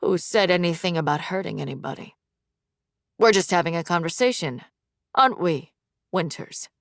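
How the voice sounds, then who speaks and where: Sneering bully young man as a woman reads him, mocking, threatening, low voice, dry close sound. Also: lively intonation, moderate pace, gravelly, fairly bright tone, no room sound.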